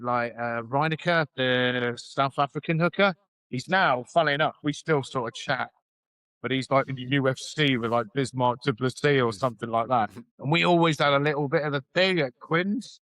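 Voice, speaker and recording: A middle-aged former rugby hooker, guesting on a podcast, tells candid stories in a clear, resonant, fairly bright voice of medium pitch at a moderate pace. He swears plenty and acts out others' quotes, though the low-quality recording has no room sound.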